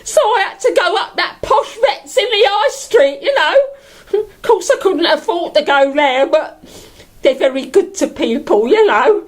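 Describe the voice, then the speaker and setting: A woman's voice: extremely high pitch, lively intonation, a little slow. A woman playing a giggly bag lady. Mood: gossipy. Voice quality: giggly, often laughing through her words. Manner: bawdy, gossipy, rambling with lots of fillers. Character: bawdy homeless London bag lady, cheeky and chatty. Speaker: comedy character monologue. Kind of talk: character stand-up storytelling.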